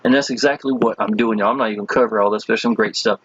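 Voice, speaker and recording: A man giving a casual, enthusiastic sales pitch as he walks through web pages, speaking folksy and chatty. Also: steady tone, rapid-fire, fairly bright tone, breathy edge, dry recording, muffled recording. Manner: folksy and enthusiastic, constantly addressing listeners as "y'all". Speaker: online marketing promoter.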